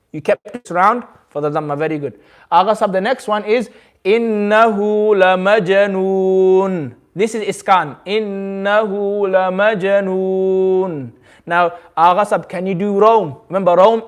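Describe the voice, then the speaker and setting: A man teaching a community class, patiently drawing out each word slowly, then explaining in quick bursts. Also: high-pitched. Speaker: Quran recitation teacher. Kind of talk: hands-on group lesson.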